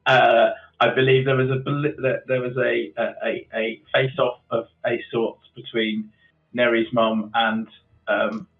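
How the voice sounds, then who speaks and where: A man's voice: medium pitch, little pitch movement, a little slow. A man, a tabletop game player recapping the last session in a hesitant way, full of ums and restarts. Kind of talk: casual chat over a voice call. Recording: tinny phone-like call audio.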